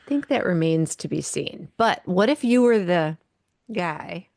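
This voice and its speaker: A woman's voice: fairly low pitch, animated, measured pace, vocal fry, a little mellow, no echo, clean studio sound. A woman co-hosting a political podcast, chatty and curious, laughing easily. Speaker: co-host. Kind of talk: casual chat.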